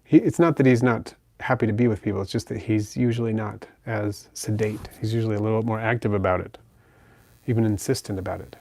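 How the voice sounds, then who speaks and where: A man hosting a pet channel livestream, casually reading viewer comments in a relaxed, chatty way and softly cooing to his pet bird. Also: on the low side, brisk.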